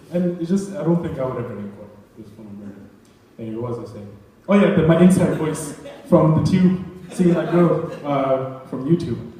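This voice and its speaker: A man's voice: on the high side, moderate pace, few pauses, dark tone. A young man doing a stand-up set on a club stage, rambling with self-deprecating asides. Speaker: stand-up comedian. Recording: echoey club heard from far off.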